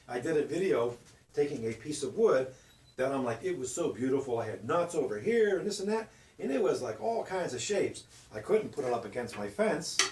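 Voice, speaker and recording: A man's voice: on the high side, darkish tone. A middle-aged man hosting a woodworking channel, chatting casually and folksily to his viewers as he demonstrates in his home workshop, recorded on a phone. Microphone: phone camera. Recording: roomy workshop echo, faint noise.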